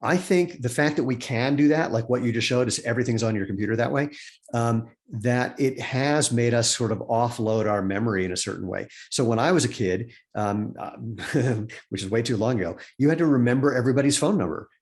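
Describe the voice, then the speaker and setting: A man's voice: mid-range voice, fairly quick. An older man, a company founder and podcast guest, chatting casually over a video call and telling rambling stories. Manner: rambling, acts out quoted voices in anecdotes. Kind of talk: casual storytelling conversation.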